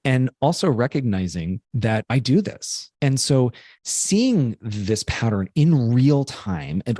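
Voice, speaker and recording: In a casual, reflective podcast conversation, a male co-host with a mid-range, darkish voice talks through a personal story earnestly, rambling and using plenty of fillers. The recording is a clean studio one without echo.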